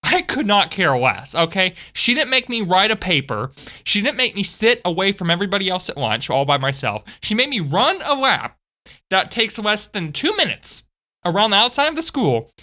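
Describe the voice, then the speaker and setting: A woman telling a story from school in a chatty, animated way, with frequent asides to her viewers. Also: medium pitch, normal speed. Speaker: channel host. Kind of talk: storytime vlog.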